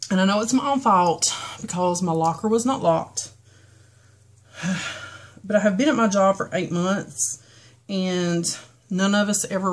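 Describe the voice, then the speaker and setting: Chatty Southern woman, lowish voice. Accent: Southern US, North Carolina foothills, toned down. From western North Carolina, US. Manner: chatty, rambling, frequent ums and restarts. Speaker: beauty vlogger. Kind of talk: casual get-ready-with-me chat.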